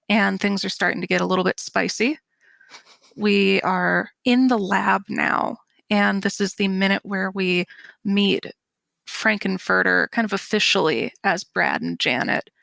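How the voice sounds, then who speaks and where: Podcast lady recapping a film, really gravelly, dry close sound. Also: mid-range voice, unhurried, a bit bright, no echo. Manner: acts out film lines in put-on voices. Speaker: podcast co-host.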